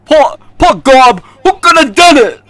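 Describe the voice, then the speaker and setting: A player putting on a clumsy gentleman detective with a shaky, stammering British accent. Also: high-pitched, expressive, crowd noise. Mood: hammy. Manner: stammering, halting put-on accent.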